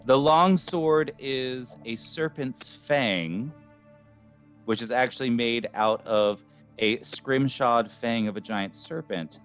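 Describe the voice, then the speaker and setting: A man's voice: medium pitch, takes it slowly, fairly bright tone, clear, resonant tone, faint music behind. Casual guy running a d&d game, chill delivery, muffled sound. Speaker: dungeon master.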